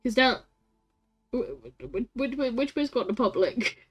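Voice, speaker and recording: A woman's voice: fairly high pitch, measured pace, faint music behind. A woman streaming a story game, chatting with her viewers, laughing often and swearing casually.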